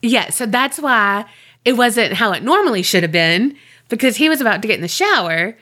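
A woman co-hosting a podcast, telling a rambling story in animated casual chat, swearing and laughing often. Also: a little high, normal speed. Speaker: podcast co-host.

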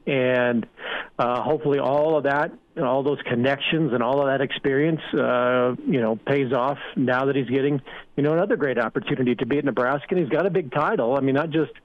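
A male guest analyst on sports radio, relaxed and rambling, with dry sarcastic jokes. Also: mid-range voice, fairly quick, no room sound, highs cut off. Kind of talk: casual sports talk radio.

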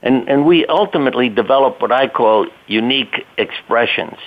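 An older man, a doctor appearing as a guest, tells stories in a relaxed, conversational way, chuckling and acting out what people said. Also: medium pitch, moderate pace. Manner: conversational storyteller, chuckling, acts out quotes. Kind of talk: casual storytelling interview. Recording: tinny phone line.

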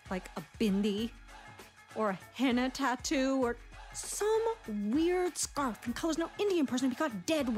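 A young woman with a high voice performs a theatrical monologue, spilling out words in quick, stammering, comic teenage chatter. Faint music plays underneath her. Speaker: stage performer of a one-woman play.

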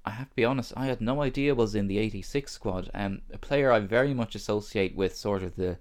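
Low-voiced man, easygoing chat. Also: brisk. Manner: relaxed, rambling with fillers. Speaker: podcast co-host. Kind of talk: casual chat.

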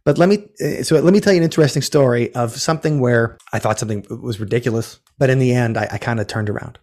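A man's voice: mid-range voice, quick pace, a little mellow. A man who runs ghost tours, telling a story in a casual interview, rambling and restarting, acting out what people said. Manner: rambling, self-correcting, acts out quotes. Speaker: ghost tour operator.

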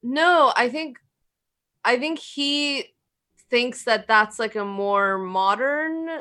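Young woman, podcast co-host, bright voice, rambling and casual. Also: fairly high pitch, slow pace, clear, resonant tone, dry recording. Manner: rambling, restarts often, says "like". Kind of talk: casual chat.

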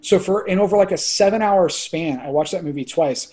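A man around forty, a filmmaker guest chatting on a podcast, excitable and rambling, full of "like" and casual swearing. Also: high voice, fairly quick.

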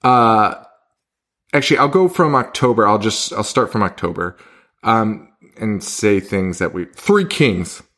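A man's voice: on the low side, lively intonation, fairly bright tone. Laid-back profane male podcast co-host. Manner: loose and profane, laughs often, quick bursts. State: hungover. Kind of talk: casual chat.

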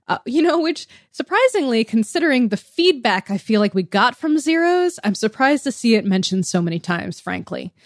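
Woman, podcast co-host, casual chat, laughs a lot, mid-pitched voice, dry close sound. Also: dry recording. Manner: chatty, laughs often, reads listener comments.

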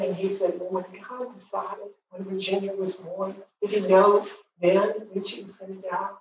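A woman in her forties shares a personal faith testimony, earnest and tender, her speech halting with frequent pauses and fillers. Her voice sits at a middling pitch and is heard from a distance in a very echoey space. The recording sounds dull and muffled. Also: a bit bright, slight background noise. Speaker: grieving mother giving testimony.

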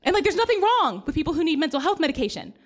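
A woman's voice: high-pitched, very animated, rapid-fire. A woman telling a candid, self-mocking personal story live, with laughing asides.

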